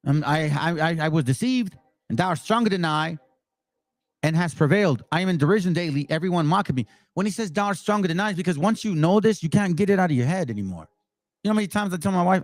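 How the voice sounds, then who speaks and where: A fiery, blunt man with a fairly high voice hosts his own Bible channel. He moves between plain, direct commentary and scripture read aloud. The sound is dry and close, with almost no room echo. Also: expressive, quick pace. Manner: fiery, emphatic.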